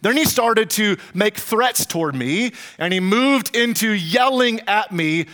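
A man preaching a sermon as pastor, telling a travel story with dramatic pauses and comic asides to the congregation. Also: high-pitched, animated, pushed and bright.

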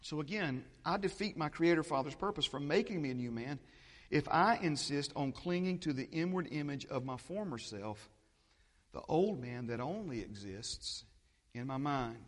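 Man, pastor, sermon, emphatic, repetitive, fairly high pitch, long church reverb. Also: animated, moderate pace. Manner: emphatic, repetitive, building lists, interjects "amen".

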